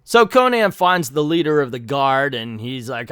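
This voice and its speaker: Higher-pitched joking man recapping a comic. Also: big pitch swings, normal speed, hardly any pauses, fairly bright tone, smooth, no echo, studio quality. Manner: joking, slangy, acts out quotes. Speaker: comic book video host. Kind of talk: casual comic recap narration.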